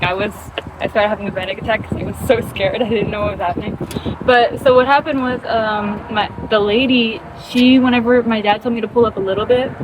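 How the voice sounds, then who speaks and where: A woman's voice: mid-range voice, noisy background. A young woman telling a casual story in a chatty, rambling way, full of fillers.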